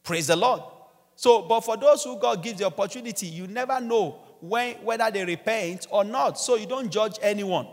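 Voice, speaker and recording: A man's voice: high-pitched, normal speed. A man preaching a sermon as pastor in a church, urging his listeners with repeated exhortations. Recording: long church reverb, faint music behind.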